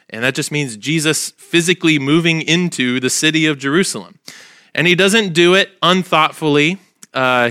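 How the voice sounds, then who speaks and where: A male pastor preaching a sermon, his voice nasal and stuffy from allergies, pausing often with fillers. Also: mid-range voice, bright, forceful tone, clear, resonant tone, no room sound, studio quality. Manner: halting, with frequent "uh" fillers.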